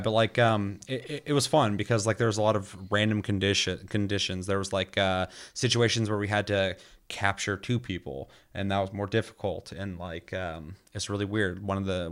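A man with a fairly low voice, talking about a game in a loose, rambling way. He swears freely and fills his sentences with "like" and "um", in an easy, unscripted chat.

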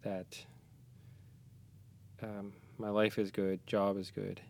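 Weary podcast guest, a man with a lowish voice, soft and halting with dry jokes. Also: level tone, creaky. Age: young adult to middle-aged, a parent. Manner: soft-spoken, halting, reflective with joking asides. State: tired. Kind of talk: casual podcast chat. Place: small closet studio.

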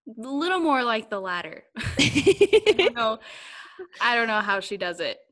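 A woman's voice: fairly high pitch, sing-song, moderate pace, fairly bright tone. Giggly young woman, candid and rambling. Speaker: guest. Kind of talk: casual conversation.

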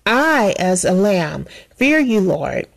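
A woman's voice: medium pitch, sing-song, slow, gravelly. A woman praying aloud with fervor, repeating "Father God" between short phrases. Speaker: prayer leader. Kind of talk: spoken prayer.

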